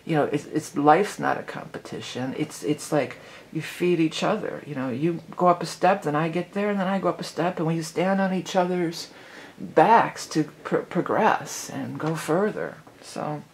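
A woman's voice: low-pitched, normal speed. A middle-aged woman hosting an astrology channel, chatting casually and rambling with lots of "you know". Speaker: psychic astrology channel host.

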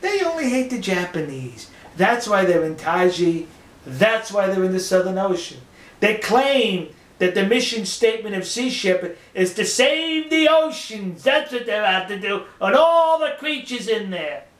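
An older man hosting an opinion monologue, scornful and mocking, slowing down to stress his points. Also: high voice, very animated, fairly bright tone, reverberant. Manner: scornful, mocking, slow emphatic delivery. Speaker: commentary video host.

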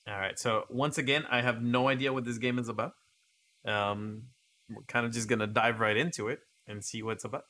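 A man's voice: mid-range voice, fairly even intonation, fairly quick, bright, forceful tone. A man giving casual gameplay commentary and reading game text aloud with chatty asides. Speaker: gaming video creator.

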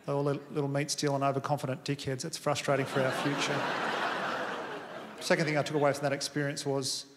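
Man, Australian accent, stand-up comedian, deadpan and sweary, long hall echo, clear audience noise. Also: mid-range voice, fast. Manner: laconic, swearing, deadpan storytelling. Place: large theatre stage. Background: audience laughter.

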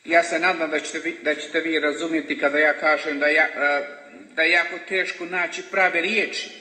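Bright-voiced man in echoey hall. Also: a little high, fairly even intonation. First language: Croatian. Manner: speaks in short phrases, pausing for translation. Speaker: visionary speaking to a congregation. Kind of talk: talk in church, paused for interpreting.

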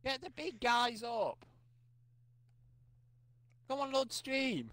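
Sweary excitable young man. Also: very high voice, takes it slowly, no echo. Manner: excitable, sweary, yelling and laughing. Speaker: online game player. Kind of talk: rowdy gaming banter.

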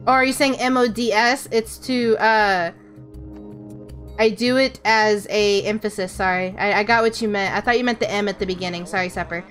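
A woman's voice: medium pitch, moderate pace, a bit bright, faint music behind. A woman VTuber streaming a game, chatting casually with her chat, answering questions and swearing offhand. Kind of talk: casual livestream chat while gaming.

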